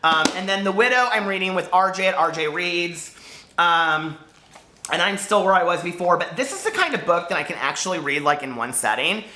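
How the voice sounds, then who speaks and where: A chatty man talks to camera about his reading, rambling from one topic to the next. His voice is bright and sharp, with a very lively pitch. The room around him sounds echoey. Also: a little fast. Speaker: book vlogger. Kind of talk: casual chat to camera.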